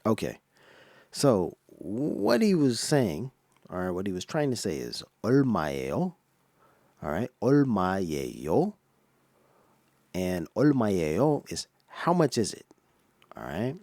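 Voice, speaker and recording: A man giving an explaining commentary on a clip, slow and patient, with many fillers and restarts. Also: fairly low pitch, wildly swooping pitch, vocal fry, darkish tone, no echo. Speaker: reaction vlogger.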